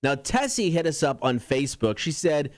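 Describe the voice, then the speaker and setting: A man's voice: on the high side, big pitch swings, normal speed. A man co-hosting a morning radio show, easygoing, reading out listener messages and giving the call-in number. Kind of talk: casual morning radio banter. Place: radio studio.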